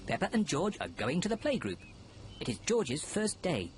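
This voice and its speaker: A man narrating a children's cartoon in a calm, gently amused storybook manner. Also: fairly high pitch, normal speed.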